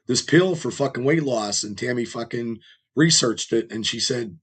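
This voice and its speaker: A man with a rough, strained voice, hosting a podcast and telling long, rambling, profane stories in casual chat. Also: medium pitch, normal speed, a bit bright. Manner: rambling storyteller, heavy swearing. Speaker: podcast host.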